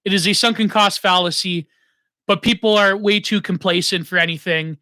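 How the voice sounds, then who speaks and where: A man's voice: sits high, fairly even intonation, moderate pace, sharp tone, no room sound. A man hosting, talking in a rambling, opinionated casual monologue. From Canada. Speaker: host.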